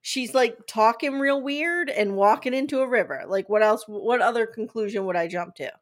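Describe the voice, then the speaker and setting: A woman hosting a podcast, recapping a TV show in a chatty, animated, gossipy way. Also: a little high, moderate pace. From eastern United States. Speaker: podcast host. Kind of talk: casual podcast chat.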